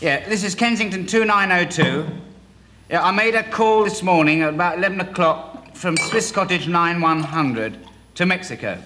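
A man's voice: high voice, normal speed, background noise. A man in an improvised comic phone sketch, flustered and overly formal on the phone. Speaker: comedy performer.

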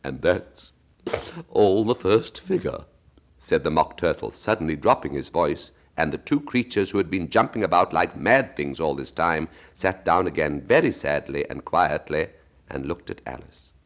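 A man narrating a storybook aloud in a slow, expressive reading. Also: extremely low pitch.

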